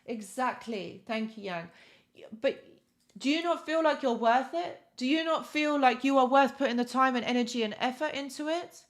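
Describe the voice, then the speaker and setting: A woman's voice: sits high, normal speed. A woman hosting a live stream, giving encouraging motivational talk and thanking viewers by reading their comments.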